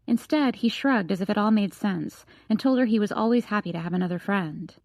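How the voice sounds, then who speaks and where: A woman narrating a young adult novel as an audiobook reader, in an even storytelling manner. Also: medium pitch, fairly quick, few pauses, dry recording, clean studio sound. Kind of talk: scripted narration.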